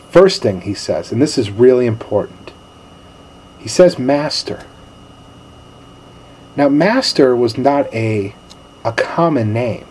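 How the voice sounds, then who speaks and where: A male pastor giving a sermon in a relaxed, storytelling manner with casual slang. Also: mid-range voice, husky.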